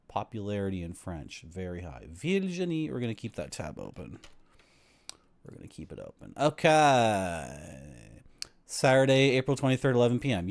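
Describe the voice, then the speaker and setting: A man streaming a game, ranting casually and reading the game's text aloud. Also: lowish voice. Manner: ranting, lively.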